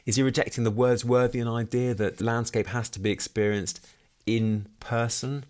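A man's voice: mid-range voice, steady tone, moderate pace, a little mellow. A man hosting a book podcast, musing reflectively on a novel and asking himself questions as he goes. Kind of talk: book review monologue with read-aloud passages.

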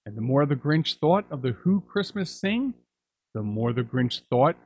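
Man, host, storybook reader, husky voice, slow and dramatic. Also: mid-range voice, big pitch swings, a little mellow, no echo, low-quality recording. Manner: dramatic, drawing out repeated words. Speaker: narrator and show host. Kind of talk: storybook reading of rhyming verse.

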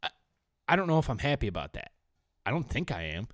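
A man co-hosting a podcast in casual sports chat, dropping to low mumbles and then rising into excited outbursts. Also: quick pace, no echo, clean studio sound. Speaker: podcast co-host.

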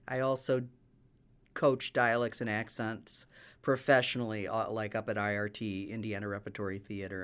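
Smooth-voiced man, an accent coach. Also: medium pitch. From United States. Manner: explanatory, enthusiastic about accents. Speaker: actor and dialect coach. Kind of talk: interview answers.

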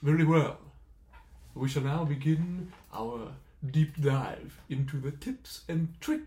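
Podcast co-host guy, kinda high voice, playful and theatrical, roomy echo. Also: expressive, takes it slowly, dark tone. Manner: playful, theatrical, breaks into spooky voice bits. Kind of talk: comedic podcast banter.

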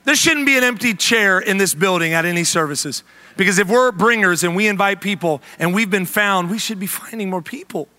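A man preaching a humorous sermon as pastor, animated and joking with the congregation. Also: high-pitched, a little fast.

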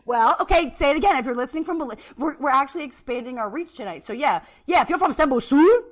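Woman podcast host, playful and quick, high lively voice, laughs and swears casually. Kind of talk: casual chat.

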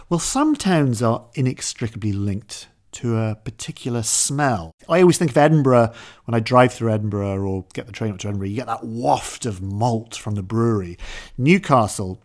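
A man hosting a history podcast, telling the story in a lively, conversational way. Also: lowish voice. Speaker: podcast host.

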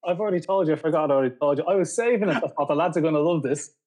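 Chatty husky man on a call. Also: fairly high pitch, very fast, darkish tone. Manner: chatty storyteller, laughing often. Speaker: podcast co-host. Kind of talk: casual chat. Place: video call.

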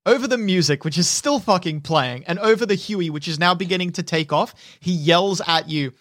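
Game master, man, high lively voice, close dry mic. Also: normal speed, dry recording. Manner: vivid, animated narration with sound effects. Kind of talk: narrating a tabletop game.

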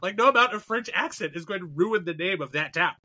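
A man with a very bright, ringing voice, telling stories on a podcast with jokes and some swearing. The sound is dry and close, with no room echo. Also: high voice, a little fast. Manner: animated storyteller, jokey and profane. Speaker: co-host. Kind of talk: casual podcast chat.

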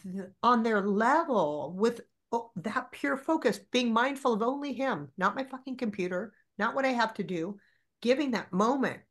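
A woman's voice: on the high side, normal speed. A woman in her forties, a podcast guest, telling stories candidly and animatedly with plenty of swearing. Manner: animated, profane storyteller.

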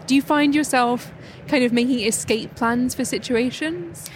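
A woman's voice: on the high side, normal speed, few pauses, a little hiss or hum. A woman co-hosting a podcast, friendly and jokey, agreeing readily in a casual chat. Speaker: podcast co-host.

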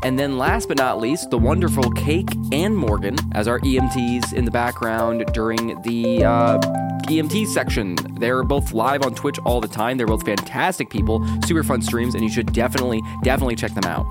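A man's voice: medium pitch, fairly quick. A man hosting a podcast, casually reading out the cast credits and thanking everyone. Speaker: podcast host. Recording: loud music under the voice. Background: guitar music.

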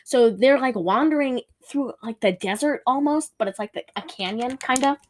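A woman's voice: on the high side, normal speed, a little hiss or hum. A woman co-hosting a casual movie review chat, rambling and giggly with lots of fillers. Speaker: podcast co-host.

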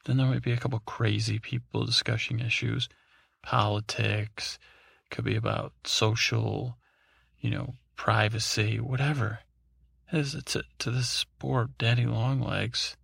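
A man's voice: mid-range voice, steady tone, a little slow, gravelly, fairly bright tone, breathy edge, dry recording. A man hosting a podcast, telling a meandering, drowsy bedtime story with many fillers and restarts. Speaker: podcast host.

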